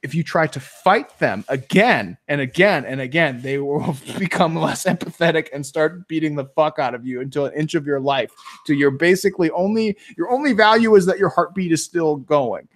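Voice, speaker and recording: A man's voice: on the high side, moderate pace. Rambling, profane man with a raised voice. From Chicago, USA. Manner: rambling, profane and animated storytelling. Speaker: co-host. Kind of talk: casual chat on a webinar.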